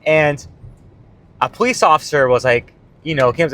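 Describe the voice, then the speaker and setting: A man's voice: mid-range voice, brisk, a bit bright. Laid-back, swearing man vlogger. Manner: profane, laid-back, peppered with "man" and "right?". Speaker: self-improvement vlogger and coach. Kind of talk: casual book talk to camera.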